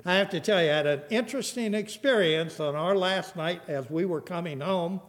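An older man preaching a sermon, animated, rising loud and then dropping to a soft hush. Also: sits high, fairly quick, long reverb tail. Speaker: pastor.

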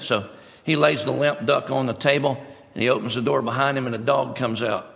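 A male preacher delivers an emphatic sermon, driving his points home by repeating them. His voice is deeply gravelly at a middle pitch. It rings out with a long reverb from a church hall. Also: fairly even intonation, fast talker, a bit bright.

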